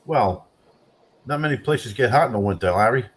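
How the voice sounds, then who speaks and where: A man in casual banter, loud and mocking, who swears freely. His voice is mid-pitched and jumps up sharply when he rants. He keeps needling the man beside him. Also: lively intonation, normal speed. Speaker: streamer reacting to chat.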